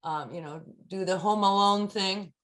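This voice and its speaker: A woman's voice: medium pitch, moderate pace, a bit bright. Chatty woman voice coach, many fillers. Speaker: voice and text coach. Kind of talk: casual online talk.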